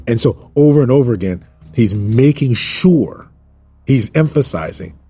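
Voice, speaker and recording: A preacher teaches a Bible passage in an informal sermon, his mid-range voice lively in intonation, a little slow and mellow, with a breathy edge. He repeats words for emphasis and tosses jokes and asides to his viewers.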